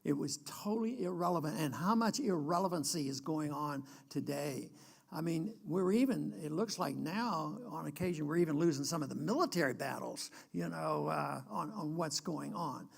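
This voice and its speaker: Older American man, gravelly, earnest speaker who stops and restarts. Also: on the high side. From United States. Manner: earnest, emphatic, halting with restarts. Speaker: guest speaker. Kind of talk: political speech.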